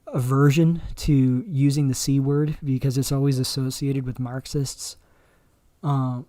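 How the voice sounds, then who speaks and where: A man hosting a livestream, talking in a rambling, halting way with many fillers and restarts. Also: mid-range voice, flat delivery, dark tone, dry recording. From Canada. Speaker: livestream host. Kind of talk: casual livestream commentary.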